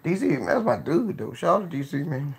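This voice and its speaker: A man hosting a casual live stream, joking, cursing freely, laughing often and giving shout-outs to viewers. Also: a little high, big pitch swings, fairly quick, vocal fry, breathy edge.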